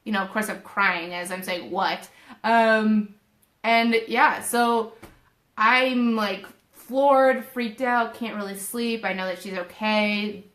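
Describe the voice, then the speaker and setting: A young woman hosting a spiritual talk, casually retelling a personal story in an animated, emotional way. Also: medium pitch, slow pace. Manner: animated, emotional retelling with quoted inner voices. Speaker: spiritual video host. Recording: roomy echo.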